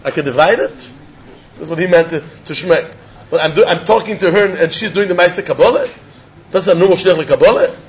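High-voiced man teaching Talmud. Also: a little fast, slight background noise. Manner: animated, chuckling, repeats words while reasoning aloud. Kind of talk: Talmud study lesson. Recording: dull lo-fi recording.

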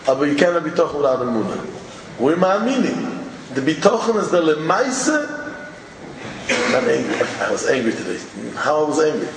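Animated man teaching in a hall. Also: a little high, normal speed. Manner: animated, mixes Hebrew and Yiddish terms into English. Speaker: religious teacher. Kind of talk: informal Torah talk. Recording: echoey hall from far off, faint ambient noise.

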